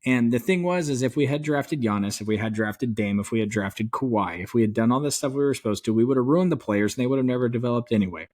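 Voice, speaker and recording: Excitable man talking sports. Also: mid-range voice, fast, hardly any pauses. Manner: excited, rambling fan talk with mild swearing. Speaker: podcast co-host. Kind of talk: casual sports chat.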